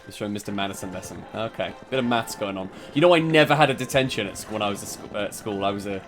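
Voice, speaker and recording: A man's voice: on the low side, fast talker. A young man hosting a game stream, joking and laughing often in casual chat. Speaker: streamer host. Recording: game music and gunfire behind.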